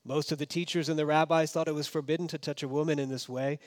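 Male pastor with hushed, emphatic delivery. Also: fairly even intonation, quick pace. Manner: dynamic, swinging from emphatic loud to hushed low. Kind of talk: sermon.

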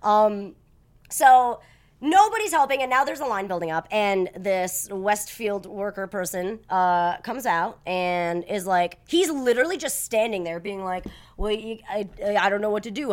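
A young woman co-hosting a casual chat, telling a story with lively acted-out quotes. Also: mid-range voice, moderate pace. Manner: animated storytelling, acting out quoted voices. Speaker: podcast co-host.

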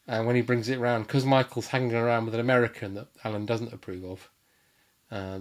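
A man chatting as a podcast guest, enthusiastic and rambling, with lots of fillers and restarts. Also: mid-range voice. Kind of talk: casual chat.

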